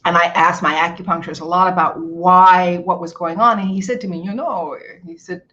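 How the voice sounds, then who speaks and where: An older woman from Hawaii, a guest actor telling stories in a casual interview, animated and acting out what people said, laughing often. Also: fairly low pitch, a little fast, lo-fi sound.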